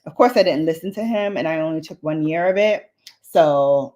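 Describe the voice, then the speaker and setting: A woman's voice: on the low side, moderate pace, mellow. A woman vlogging a makeup demo in a chatty, playful way, full of slangy asides to her viewers. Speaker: beauty vlogger. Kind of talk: casual makeup demo chat.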